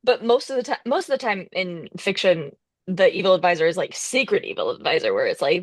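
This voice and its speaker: A woman's voice: fairly low pitch, sing-song, fairly quick, no room sound. A woman co-hosting a casual chat, giving wry, quippy opinions. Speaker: podcast co-host.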